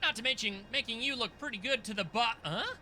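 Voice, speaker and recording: A man's voice: very high-pitched, lively intonation, quick pace, sharp tone, poor audio. A man giving casual, jokey commentary while playing a video game and reading its text aloud. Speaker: gaming channel host. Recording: game music underneath.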